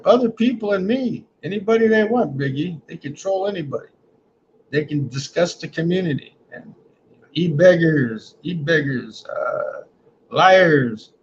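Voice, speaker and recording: Reading his chat aloud and rambling through jokes, a male livestream host often ends his lines with "man." His pitch is fairly high, and the dull lo-fi stream carries a little hiss or hum.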